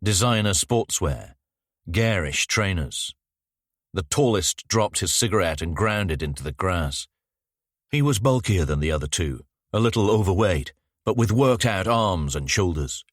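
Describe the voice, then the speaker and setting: A man narrating an audiobook thriller in a measured, descriptive way. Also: low voice, animated, no room sound, studio quality. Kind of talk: scripted narration.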